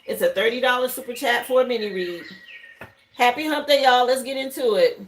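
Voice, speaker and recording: A high-pitched woman hosts a live tarot stream from home. She talks loosely and chattily, greeting viewers by name and musing aloud over each card. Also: a little fast, slight background noise, poor audio. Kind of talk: casual live tarot reading. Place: home livestream setup, burning incense.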